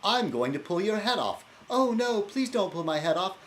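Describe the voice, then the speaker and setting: A theatrical, dissolute young Englishman with an English accent, as a man puts him on, raised well above his own pitch. He rants with sneering scorn, and his voice leaps up and down. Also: very animated, moderate pace, a bit bright, slight background noise. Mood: mocking. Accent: English (put on, rough).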